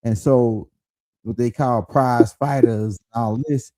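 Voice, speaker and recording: A man's voice: mid-range voice, fairly even intonation, slow, dark tone, dry recording, rough recording. A man hosting a casual live stream, talking in a loose, rambling way as he lays out his theories.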